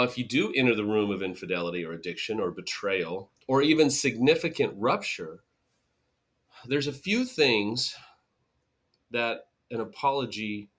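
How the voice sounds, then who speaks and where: Bright-voiced male podcast host. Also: medium pitch, slightly rough. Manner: animated, mocks bad apologies in sarcastic voices. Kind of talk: solo podcast talk.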